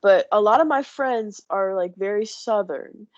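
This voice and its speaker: A woman's voice: mid-range voice, unhurried, no echo. A woman from the southeastern US chimes in with short reactions and casual remarks. Her voice sits mid-range, recorded very dry with a dull, lo-fi tone. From Southeastern United States. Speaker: podcast co-host. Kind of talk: casual chat.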